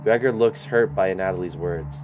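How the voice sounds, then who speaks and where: Low-voiced man reading a game aloud. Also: normal speed, dull audio, noisy background. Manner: casual, slangy asides. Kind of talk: reading game text aloud with casual reactions.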